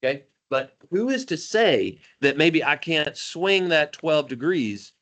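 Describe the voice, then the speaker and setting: Male math teacher, fairly high voice, animated, jokey, classroom lecture. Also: measured pace. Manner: animated, jokey, calls on students by name.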